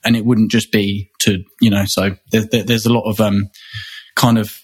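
A man from England talks as an interview guest, his voice a little husky and breathy. He rambles, restarts and repeats words as his thoughts come together. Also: lowish voice, little pitch movement, moderate pace. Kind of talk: conversational interview.

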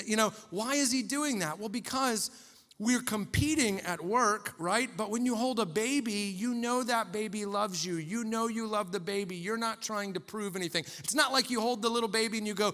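High-voiced pastor in a reverberant hall. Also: male voice, moderate pace. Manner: conversational, animated storytelling. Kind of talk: sermon.

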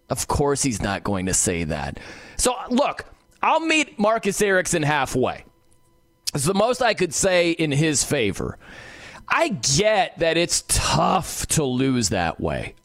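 A man guest-hosting a sports talk radio show, giving an opinionated monologue and mimicking people in quick asides. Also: fairly high pitch, fairly bright tone, no room sound.

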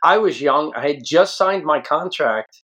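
A man in his fifties from the United States, telling stories from his playing days in a casual, animated way. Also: on the high side, unhurried. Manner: animated, acts out quoted voices. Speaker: guest, former pro soccer player. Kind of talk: casual storytelling.

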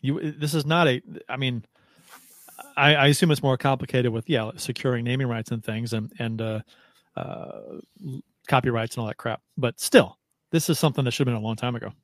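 A man co-hosting a casual hockey podcast, incredulous and quick to laugh, often restarting his sentences. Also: mid-range voice, steady tone, dry recording, clean studio sound. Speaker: podcast co-host.

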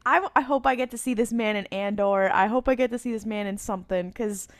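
A woman chatting casually as a podcast co-host, excitable and slangy, acting out characters in quick asides. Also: medium pitch, dry recording, studio quality. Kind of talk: casual chat.

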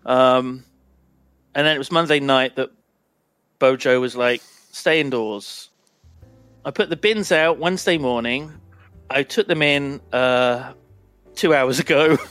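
A man's voice: mid-range voice, measured pace, pauses often, a bit bright, smooth, no room sound, faint music behind. A young man chatting casually on a podcast, rambling and self-mocking. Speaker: podcast co-host. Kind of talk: casual chat.

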